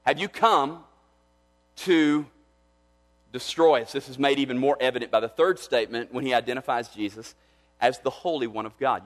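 An earnest male pastor delivering a sermon in a church, with a voice of ordinary pitch. He preaches with emphatic rises and frequent restarts, and a long reverb trails his words through the hall.

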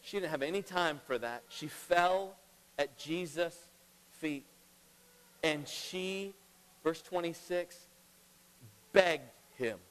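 A middle-aged man preaching a sermon as pastor, emphatic, swinging between loud and hushed. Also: a little high, takes it slowly, pauses often. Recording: long reverb of a large hall.

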